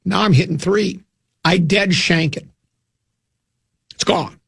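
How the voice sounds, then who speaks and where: A man with a high, gravelly voice rambles through a self-mocking story on his sports radio show. His tone is husky and worn around the edges, and soft music plays faintly beneath the studio mic. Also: slow pace. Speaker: radio sports talk host. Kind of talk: casual radio chat. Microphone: studio microphone.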